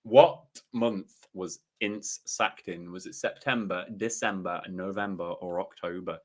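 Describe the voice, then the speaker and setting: A man's voice: low-pitched, fairly even intonation, a little slow, darkish tone. A man hosting a live-stream quiz, reading questions and scores in an upbeat, chatty way. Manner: upbeat, chatty, laughs often. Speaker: quiz host.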